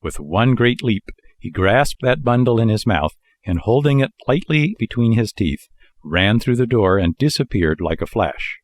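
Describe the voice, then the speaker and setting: A man reading a children's audiobook with lively, expressive storytelling. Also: lowish voice, moderate pace, no room sound. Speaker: audiobook reader. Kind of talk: scripted narration.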